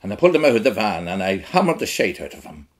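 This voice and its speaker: A middle-aged Irish actor with a rural accent performs a blunt, earthy one-man stage monologue. His voice is lowish and sing-song, and he talks fast.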